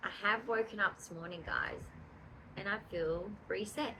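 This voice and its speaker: Soft-spoken Australian woman vlogger. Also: medium pitch, normal speed, highs cut off. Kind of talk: casual chat. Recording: noisy home recording.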